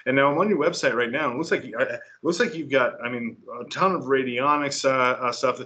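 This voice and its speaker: A man hosting a casual interview over a video call, halting and repeating words as he searches for them. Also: medium pitch, sharp tone. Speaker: podcast host.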